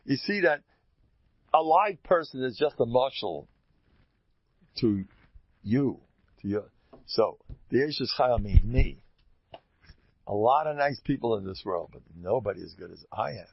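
A man with a gravelly, husky voice gives an informal Torah talk. His pitch swings widely, and he repeats phrases to drive his points home. The recording is dull and dry, with a lo-fi sound. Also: a little slow, pauses often, no room sound. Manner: animated and emphatic, repeats phrases for stress. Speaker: Torah teacher.

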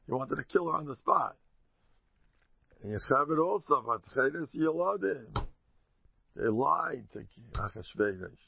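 A man teaching a Torah class as a rabbi, joking and acting out lines with sudden high squeaks and low mutters. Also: animated, unhurried, gravelly, long pauses, husky. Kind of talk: animated Torah lecture with storytelling. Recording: dull lo-fi recording.

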